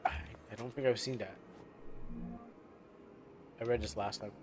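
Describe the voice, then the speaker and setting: A man's voice: on the low side, fairly even intonation, measured pace, very noisy. A man streaming a game live, chatting casually and rambling as he loses his train of thought. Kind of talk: casual live gameplay commentary.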